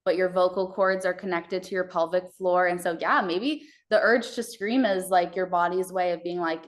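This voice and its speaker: A woman from Texas recounts her birth story as a podcast guest. Her voice sits lowish, and she talks in a loose, conversational way, trailing off and restarting often. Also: steady tone, moderate pace, hardly any pauses. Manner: conversational, many fillers and restarts.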